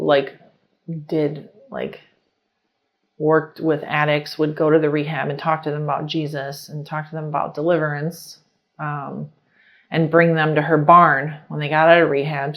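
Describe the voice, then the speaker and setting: A young adult woman sharing her personal story in casual talk, chatty and animated, full of fillers as she retells scenes. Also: sits low, highs cut off. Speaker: interviewee.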